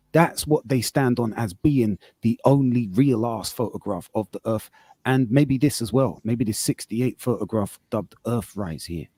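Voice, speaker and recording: A man's voice: mid-range voice, dark tone, breathy edge, dry recording. A man on a live podcast call, arguing casually, swearing and reading aloud off his screen. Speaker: podcast host.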